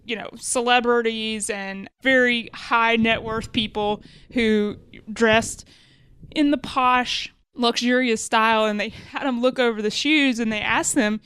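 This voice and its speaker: A woman's voice: on the high side, fairly even intonation, a little slow, a bit bright, smooth, no room sound. A woman, originally from Alabama, talking through business lessons on her podcast in a conversational way, thinking aloud and correcting her wording as she goes. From Alabama, USA. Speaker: podcast co-host.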